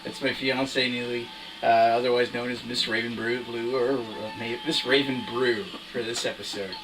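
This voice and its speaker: A young man hosts his own beer review show in loose, chatty fashion, stumbling over fillers and restarts. His voice sits at an ordinary pitch and lands a little away from the camera mic. A faint hiss runs underneath. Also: flat delivery, normal speed. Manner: rambling, with frequent fillers and restarts. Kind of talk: casual on-camera chat. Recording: voice somewhat distant from the mic, faint background hiss.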